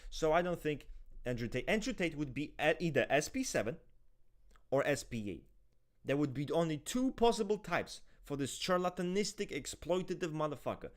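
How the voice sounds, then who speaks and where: A man hosting a casual typology show, talking to viewers in a profane, animated, ranting way and acting out the people he quotes in exaggerated voices. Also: a little high, normal speed. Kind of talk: casual unscripted chat with viewers.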